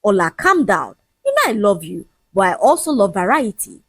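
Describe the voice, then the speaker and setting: A smug, shameless young man in a storybook tale, as a woman narrator puts him on. He lectures and mocks in a husky, lively voice that swings up and down. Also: mid-range voice, moderate pace, no echo, studio quality. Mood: mocking. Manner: mocking, lecturing, casually shameless. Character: scornful cheating young man, smug and dismissive.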